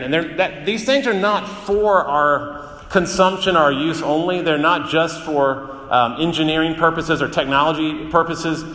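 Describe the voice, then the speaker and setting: A man's voice: fairly high pitch, fairly bright tone, a little hiss or hum. A male pastor giving a sermon in an earnest, emphatic way, often repeating phrases. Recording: echoey hall with long reverb.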